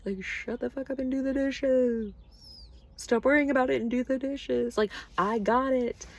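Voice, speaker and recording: A woman voicing God as blunt, impatient and profane, with a gravelly edge. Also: high-pitched, steady tone, moderate pace, voice pushed up. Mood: exasperated. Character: exasperated blunt God, female-voiced, bossy.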